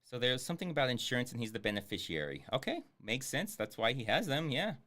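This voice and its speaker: Sarcastic man, swooping pitch. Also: big pitch swings, fast, bright, forceful tone. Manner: sarcastic, swears freely. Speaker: streamer reviewing a film. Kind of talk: casual livestream commentary.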